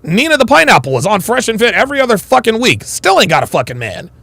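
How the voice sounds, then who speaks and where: A man's voice: high-pitched, wildly swooping pitch, fast talker, vocal fry, a bit bright, husky, no echo. A man hosting a reaction commentary, slangy and swearing, talking over a clip.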